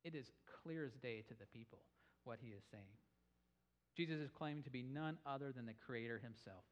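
A man's voice: medium pitch, moderate pace, dull audio. A man preaching a sermon on scripture, telling the story with energy and raising his voice for emphasis. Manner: animated storytelling, rising with emphasis. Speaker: pastor. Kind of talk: sermon teaching.

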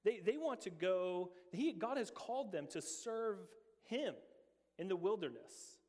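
Middle-aged male pastor, sermon, earnest rhetorical questions, fairly high voice, long church reverb. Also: expressive, unhurried, a little mellow. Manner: earnest, asks many rhetorical questions, repeats words.

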